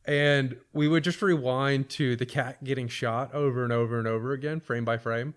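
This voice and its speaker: A man's voice: medium pitch, steady tone, normal speed. A man in his thirties in casual podcast chat, blunt and profane.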